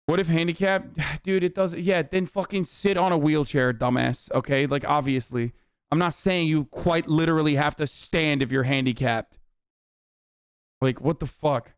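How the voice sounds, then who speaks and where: A man's voice: on the high side, steady tone, normal speed, smooth, dry recording, studio quality. A man reacting to the news on a live stream, ranting in a heated, profane, sarcastic way.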